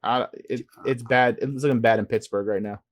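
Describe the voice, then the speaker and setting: A man in casual sports chat, calmly announcing matchups and giving his picks. His voice sits in a middle range, recorded dry and close. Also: medium pitch, moderate pace, dry recording. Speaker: podcast host.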